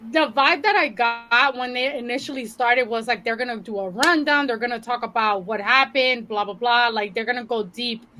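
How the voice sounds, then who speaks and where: High, bright, blunt-talking woman. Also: a little hiss or hum, poor audio. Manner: blunt and frank, swears freely. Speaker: podcast co-host. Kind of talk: casual chat.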